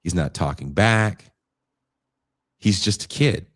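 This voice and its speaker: A man with a deep, low voice tells a story in casual podcast chat, animated and blunt, with the odd curse. The sound is dry and close, with no room around it. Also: takes it slowly, no room sound. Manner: animated retelling with swearing and acted quotes. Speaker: podcast co-host.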